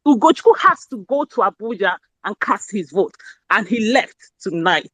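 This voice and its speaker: A woman, talking in an excited, effusive and rambling way during a casual live chat. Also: mid-range voice, moderate pace, dry recording. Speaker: speaker in a live audio space.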